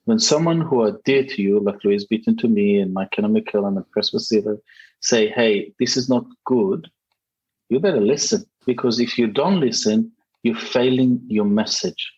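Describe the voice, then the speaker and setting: A man's voice: lowish voice, normal speed, darkish tone, husky, lo-fi sound. A man for whom English is a second language, giving emphatic interview answers over a remote call. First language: not English. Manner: emphatic, acts out quoted voices. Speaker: podcast guest, public speaking champion.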